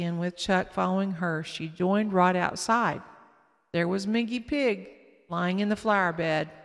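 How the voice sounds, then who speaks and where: A woman reading a children's story aloud slowly and carefully, with small slips. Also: lowish voice, creaky. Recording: long echoing reverb.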